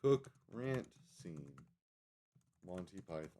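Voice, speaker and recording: A man's voice: deep voice, expressive, slow pace, warm tone. A man hosting a livestream, chatting casually and rambling with lots of fillers and self-corrections. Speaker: livestream host.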